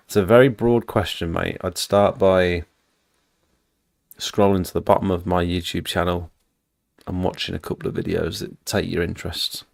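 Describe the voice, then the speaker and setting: A man's voice: deep voice, flat delivery, moderate pace, gravelly, no room sound, clean studio sound. A man hosting a casual late-night live stream chat, blunt and matter-of-fact, sounding tired. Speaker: channel host.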